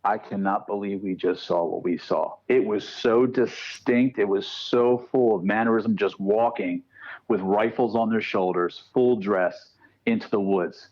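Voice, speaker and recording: This guest, a paranormal researcher, speaks in a lowish voice at a measured pace while telling a ghost story on a casual podcast. He acts out the quotes with animation, and the audio has its highs cut off.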